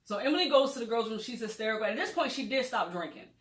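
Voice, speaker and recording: A woman's voice: on the high side, expressive, quick pace. A woman hosting a casual book discussion, retelling scenes and acting out the characters' lines. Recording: echoey room.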